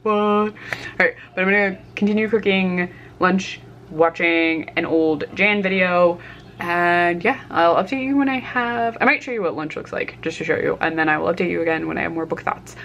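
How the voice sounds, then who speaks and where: A woman's voice: lowish voice, moderate pace, a bit bright, lo-fi sound, a little hiss or hum. A young woman chatting casually about her reading at home while cooking lunch, with many fillers and frequent laughs. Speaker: book vlogger. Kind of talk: casual reading vlog chat.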